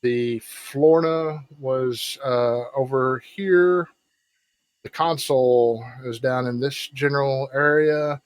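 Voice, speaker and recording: A man running a tabletop game as game master, explaining rules in a halting way full of fillers. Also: mid-range voice, dry recording.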